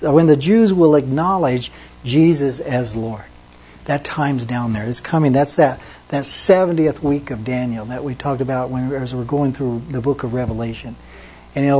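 A man preaching an evening sermon in a mellow, slightly husky voice. He talks earnestly and drops soft and low whenever he repeats a name from scripture. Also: low-quality recording. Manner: earnest, repeats names softly for emphasis. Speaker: pastor.

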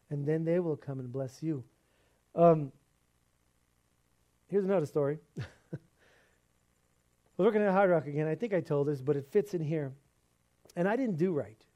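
Delivering a sermon, this middle-aged man shares a story from his own life with lively, conversational energy. His pitch runs a little high.

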